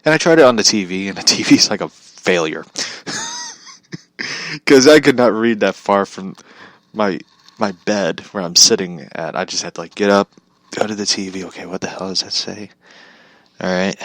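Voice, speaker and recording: A man's voice: on the low side, huge pitch swings, moderate pace, a bit bright, no room sound. A young man talking casually in a rambling vlog monologue, laughing often, swearing and restarting his sentences. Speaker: vlogger.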